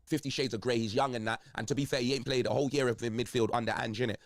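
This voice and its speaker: Young London man, congested, quick slang-filled football rant, dry close sound. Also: medium pitch, dry recording. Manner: slang-heavy, animated, ranting. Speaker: football video host. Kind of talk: casual football banter.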